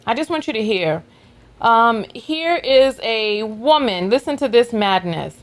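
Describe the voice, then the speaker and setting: A woman's voice: fairly high pitch, animated, unhurried. A woman hosting a reaction commentary, talking in an indignant, exasperated way. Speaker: commentary host.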